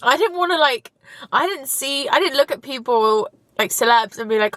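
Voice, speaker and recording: A woman's voice: on the high side, normal speed, fairly bright tone, no room sound. A young woman, vlogging casually from her car, chatty and gushing, now and then tearful. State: tearful at times. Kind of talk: casual chat while driving. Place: inside a car.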